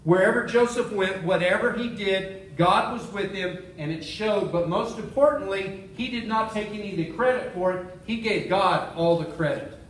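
High-voiced preacher in an echoey church. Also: male voice, normal speed, few pauses, recorded from a distance, slight background noise. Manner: storytelling preacher, repeats key phrases. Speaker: pastor. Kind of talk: sermon. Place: church sanctuary.

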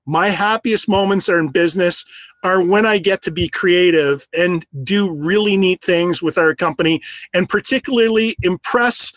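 A man who owns a business, delivering a prepared, earnest storytelling speech with slow, emphatic phrases. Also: sits high, a bit bright, no echo. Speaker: business owner giving an awards speech.

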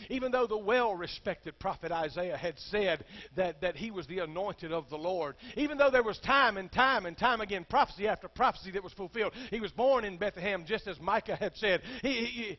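A man preaching a sermon as a pastor, swinging between hushed words and loud, impassioned calls to the congregation. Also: high voice, muffled recording.

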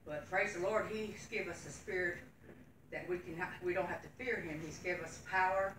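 A middle-aged woman teaching a Sunday school class, speaking earnestly and homely as she reads scripture. Her voice is low-pitched and bright, picked up from a distance in an echoing church room with faint background ambience. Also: steady tone, fairly quick, slight background noise. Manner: earnest, folksy, nervous, reading scripture aloud. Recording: echoey room from far off.

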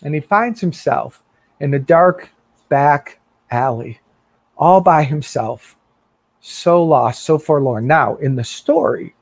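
A man preaching with a fairly high voice, recounting a story vividly and acting out its quotes. He speaks earnestly and invitingly, and the sound is dry and close. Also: lively intonation, takes it slowly, creaky, dry recording. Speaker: pastor. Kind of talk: sermon.

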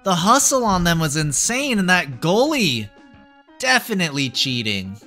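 A young man giving excitable live commentary as a streamer, yelping and groaning at the game. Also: high voice, normal speed, faint music behind. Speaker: VTuber streamer.

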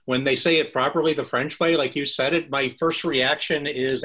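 A man's voice: medium pitch, fairly even intonation, moderate pace, bright, forceful tone. A man in a casual web conference discussion, amused and a bit hesitant with ums.

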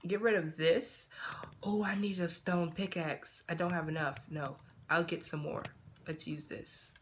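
A man giving casual let's-play commentary, talking to himself in a chatty way with quick excited outbursts. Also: fairly high pitch, slight background noise. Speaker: gaming channel host.

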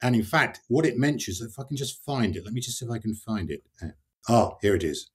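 An older man, an author, talking with passion about poetry and reading verse aloud with slow, dramatic emphasis. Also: mid-range voice, slightly rough. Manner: expressive, reads verse aloud slowly and dramatically. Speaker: author and guest. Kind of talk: passionate literary discussion.

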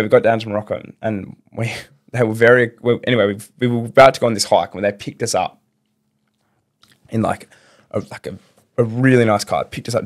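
A young man telling a long story as a podcast guest, rambling through fillers and restarts. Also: on the low side. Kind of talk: casual storytelling.

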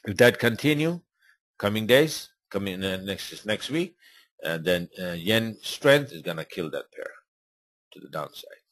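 Trading webinar host, male, very low voice, dry close sound; loose, filler-heavy chart talk in non-native English. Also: animated, unhurried, fairly bright tone, no room sound. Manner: rambling and informal, many fillers. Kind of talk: live webinar chart commentary.

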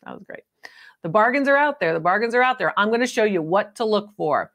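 Speaking fast in a mid-range, animated voice with a fairly bright tone, a woman runs a live antiques appraisal stream. She teases the callers, calls them honey, and laughs often as they chat.

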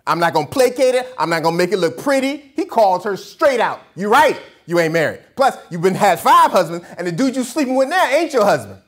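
Preacher, animated pitch, emphatic, colloquial, repeats phrases, asks and answers own questions. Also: a little fast, few pauses. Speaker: pastor. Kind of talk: sermon.

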